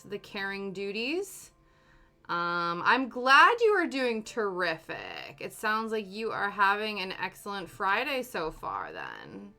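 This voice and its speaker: A young woman from Canada chatting casually on a livestream while doing her nails, rambling with lots of ums and laughs. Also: fairly low pitch. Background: soft background music.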